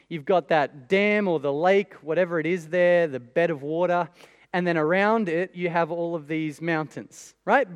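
A man's voice: sits high, long reverb tail. A man preaching a sermon in a conversational way, with many rhetorical questions. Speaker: pastor.

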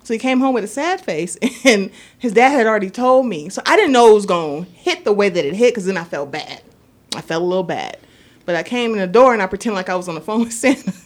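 Animated chatty woman, lively pitch. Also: fast talker. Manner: animated storyteller, acts out voices. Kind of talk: casual chat.

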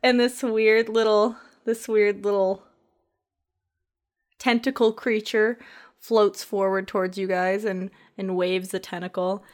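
A woman running a tabletop game as game master, describing scenes in a relaxed, rambling way. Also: medium pitch, slow pace.

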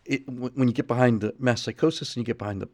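A man's voice: medium pitch, rapid-fire, a little mellow. A middle-aged man hosting a livestream in casual chat; he rambles and repeats words while reading viewer messages. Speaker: livestream host.

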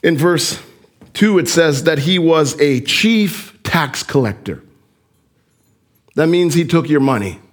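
A male pastor preaching with a high, lively voice that swings up and down. His tone has a husky edge, and he often turns to the listeners with direct questions. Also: slow, long pauses. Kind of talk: sermon.

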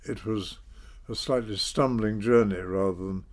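An older man, telling his story in a measured, self-deprecating way in an interview. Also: lowish voice. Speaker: interview guest, former politician. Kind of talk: reflective storytelling.

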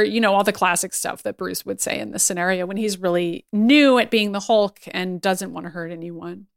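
A woman's voice: mid-range voice, creaky, a bit bright. A woman co-hosting a podcast, casually recapping a cartoon, laughing often and acting out lines. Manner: laughing often, acts out lines in quick voices. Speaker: podcast co-host.

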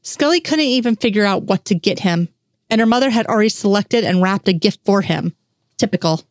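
A woman reads fan fiction aloud at a middle pitch in a steady storytelling voice. She sits close to the mic, and the recording is dry, with no room sound at all.

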